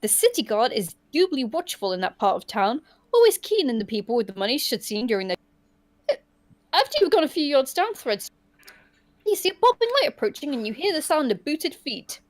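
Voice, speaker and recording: Lady reading a choose-your-own-adventure story out loud, kinda high voice, lots of ups and downs. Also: brisk. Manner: animated, laughs often. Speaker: storyteller and host.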